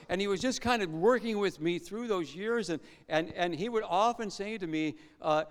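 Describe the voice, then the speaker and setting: A man's voice: high voice, normal speed, hardly any pauses, smooth. A man preaching a conversational sermon as a pastor, asking his listeners rhetorical questions. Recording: long hall reverb.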